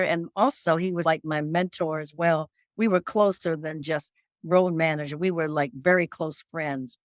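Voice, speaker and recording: Older woman guest, low-pitched and dry, animated storyteller. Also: no echo. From Detroit. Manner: animated storyteller, repeats phrases. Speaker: guest singer. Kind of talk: casual interview chat.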